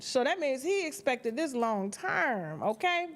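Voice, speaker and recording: A woman's voice: sits high, big pitch swings, a little slow, hardly any pauses. A woman hosting a gossip show, talking to her viewers in a sassy, chatty way with casual commentary.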